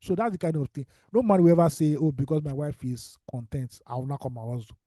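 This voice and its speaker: A man's voice: on the high side, fast, dark tone, no echo, clean studio sound. A man with a Nigerian accent co-hosting a podcast, bantering playfully and mixing Pidgin into his talk. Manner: playful, joking, slips into Pidgin. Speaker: podcast co-host. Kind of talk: casual banter.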